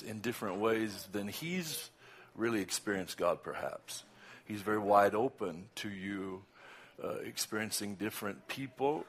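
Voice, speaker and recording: An older Southern US man, visiting as guest preacher, chats casually ahead of his sermon with a lowish, animated voice. He laughs between asides, and when he praises, his delivery swells loud and slow.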